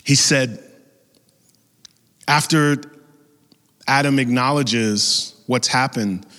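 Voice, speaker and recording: A man's voice: mid-range voice, very slow, pushed and bright. A man preaching a sermon as pastor, emphatic and building with repeated phrases. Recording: long reverb from a large hall.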